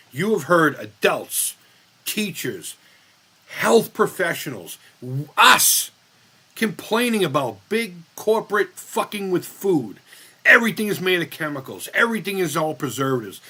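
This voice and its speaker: A man's voice: sits high, big pitch swings, unhurried, pushed and bright, husky. A man in his fifties hosting a casual live-stream chat, rambling, blunt and profane as he reads the chat. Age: 50s.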